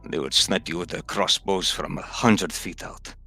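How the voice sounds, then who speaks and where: An older veteran soldier waves off worries in a jovial, dismissive tone, as a man plays him. His voice is deep and gravelly with a bright, forceful edge, for a tabletop role-play. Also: fairly even intonation, normal speed, faint music behind. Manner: dismissive, offhand.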